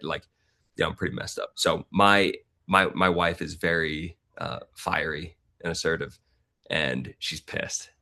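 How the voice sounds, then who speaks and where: A man in his forties, a podcast guest, telling a personal story in a casual, animated way and acting out other people's lines. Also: deep voice, a little slow, creaky. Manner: animated, acts out the voices of people in his stories.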